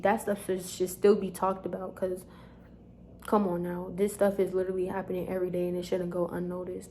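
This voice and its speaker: A young woman, telling a storytime vlog straight to her viewers in an animated, chatty way. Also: lowish voice, slight background noise. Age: young adult. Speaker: vlogger.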